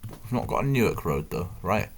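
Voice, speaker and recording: Speaking a little fast and very animatedly in a low voice, a young northern English man talks over a game he's playing. He hosts gaming videos, chatting casually, mocking himself, and muttering as he thinks aloud, with slight background noise present.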